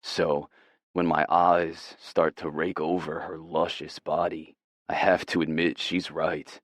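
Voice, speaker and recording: A man narrating a romance audiobook in the first person, with a measured, unhurried reading. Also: a bass voice, little pitch movement, dry recording, studio quality.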